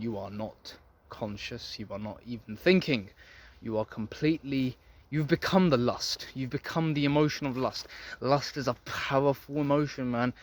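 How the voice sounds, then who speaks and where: A man's voice: medium pitch, slight background noise. A young man giving a blunt, profane, preachy monologue to camera, lecturing the men watching about dating. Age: young adult. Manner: blunt, profane, preachy, addresses viewers as gentlemen. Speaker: men's self-improvement vlogger.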